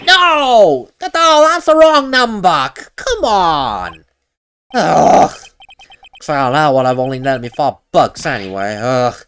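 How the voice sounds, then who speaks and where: A woman voicing a bumbling, emotional male police detective who talks loudly and whines, reading game lines aloud. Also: extremely low pitch, lively intonation, unhurried, slight background noise, pitched below the performer's own voice, exaggerated voice. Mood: frustrated. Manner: loud, whiny, says "pal".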